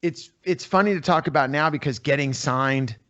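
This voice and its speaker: A middle-aged man from Northern California, a musician guest in an interview, telling his stories in a rambling, animated way full of "you know" fillers. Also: on the high side, normal speed. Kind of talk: casual storytelling interview. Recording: slightly muffled lo-fi audio.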